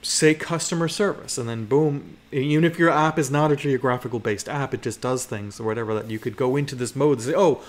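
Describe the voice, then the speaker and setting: A man's voice: medium pitch, fast talker, hardly any pauses. A man giving a conference talk in a loose, rambling way, with many restarts and frequent checks with the audience. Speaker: presenter.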